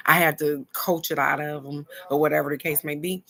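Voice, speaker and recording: A woman telling viewers a personal story in a casual, earnest way, pausing to reflect and speaking straight to her audience. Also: low-pitched, steady tone, sharp tone. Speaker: spiritual card-reading host.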